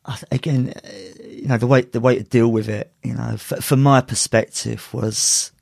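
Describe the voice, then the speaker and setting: A man's voice: mid-range voice, steady tone, normal speed, gravelly, a little mellow, dry recording, clean studio sound. A man, a martial arts instructor and podcast guest, telling a story casually with many restarts and frequent laughter. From United Kingdom.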